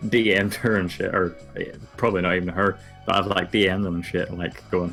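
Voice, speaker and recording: A man's voice: sits low, flat delivery, brisk, hardly any pauses, a bit bright, soft background music. A young man co-hosting a casual chat, laid-back and sweary. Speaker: podcast co-host.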